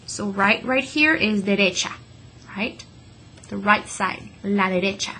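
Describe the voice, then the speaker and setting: In a classroom lesson, a woman teaches Spanish vocabulary, slowing down to pronounce each word clearly and repeating it so students can echo her. Her voice is medium-pitched, animated, pushed and bright.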